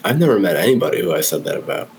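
Easygoing man with a very deep voice. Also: big pitch swings, very fast, a crowd in the background, rough recording. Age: 20s. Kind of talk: casual chat.

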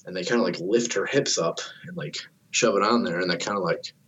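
A man's voice: low voice, a little fast, fairly bright tone, breathy edge, muffled recording. A young man casually telling a long story, swearing a lot, filling his speech with "like" and acting out what people said. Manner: swears a lot, fillers like "like", acts out dialogue.

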